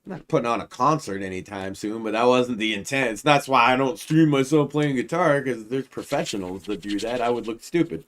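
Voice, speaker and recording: Male stream co-host, casual chat, crude comic rambler, builds tall tales step by step, mid-pitched everyday voice. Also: fairly quick, hardly any pauses, fairly bright tone. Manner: crude, escalating storytelling.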